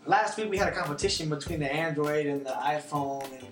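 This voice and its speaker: A man co-hosting a show, telling a lively story in casual chat and acting out the other people's lines. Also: fairly high pitch, fairly quick. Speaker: show co-host. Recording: roomy, distant mic, music behind.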